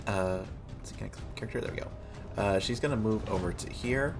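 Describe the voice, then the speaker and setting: A man playing a tabletop game, describing his character's moves in a relaxed, hesitant way. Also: fairly low pitch, fast, gravelly, over music. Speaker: player. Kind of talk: casual tabletop play.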